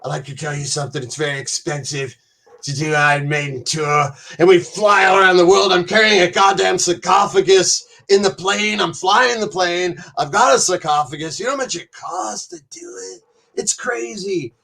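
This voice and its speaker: A man doing a brash middle-aged rock frontman holding forth to a crowd, blunt and profane, with mock-grand speechmaking in a slightly higher register. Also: normal speed, gravelly, pushed and bright, exaggerated voice. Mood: mock indignant.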